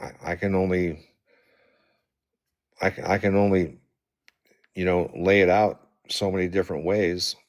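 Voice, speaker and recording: A man in a group discussion who defends his view calmly, giving ground and searching for words. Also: low-pitched, measured pace, pauses often. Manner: calm, conciliatory, hesitant. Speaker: discussion participant.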